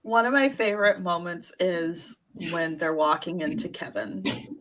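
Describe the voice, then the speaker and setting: A woman's voice: on the low side, measured pace, a bit bright. A woman co-hosting a casual TV review chat, retelling favorite scenes and laughing often. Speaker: podcast co-host.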